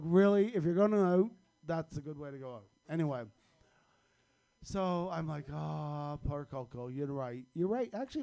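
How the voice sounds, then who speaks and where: A man's voice: high-pitched, darkish tone. A man telling a darkly comic personal story on stage at a live storytelling event, wry and chuckling at his own punchlines.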